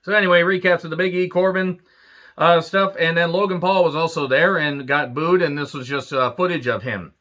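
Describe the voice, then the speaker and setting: Male reviewer, bright forceful voice, crude sarcastic rant, a bit higher pitched. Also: fairly even intonation, a little fast. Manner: sarcastic, crude jokes, frequent swearing. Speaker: wrestling show reviewer. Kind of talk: profane ranting recap.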